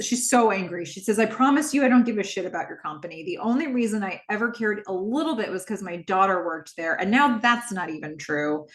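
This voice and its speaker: This podcast host goes through a TV episode one scene at a time, keeping it casual and voicing the characters herself with shifting pitch. She tells it in a lively, animated way, and the room gives off a noticeable echo.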